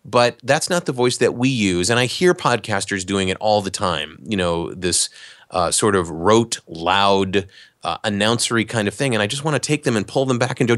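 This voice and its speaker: A man, an actor and voice talent, explaining in a relaxed, conversational way during a podcast interview. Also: lowish voice, moderate pace, dry recording, studio quality. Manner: relaxed, explanatory, animated asides.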